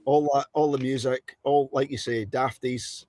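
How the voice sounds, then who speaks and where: A middle-aged host chats in a relaxed way, reminiscing and asking easy questions. His voice is of middle pitch and sounds close and dry. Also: normal speed, dry recording. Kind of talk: casual chat.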